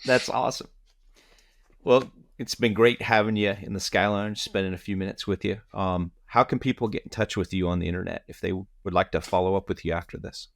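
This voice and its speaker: A man's voice: deep voice, steady tone, fairly quick, creaky. A man hosting a podcast who reacts briefly and wraps up the interview. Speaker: podcast host. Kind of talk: casual interview.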